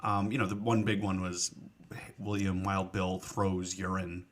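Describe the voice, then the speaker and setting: A man co-hosting a podcast, discussing a book and teasing his co-hosts, with halting restarts. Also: low-pitched, level tone, slight background noise. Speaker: podcast co-host.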